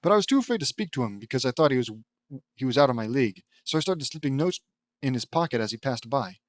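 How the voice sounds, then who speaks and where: A man's voice: mid-range voice, animated, fast talker, dry recording, studio quality, lightly acted. A man reading as a gushing romantic mom. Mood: fond. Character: middle-aged mother, swooning romantic wife.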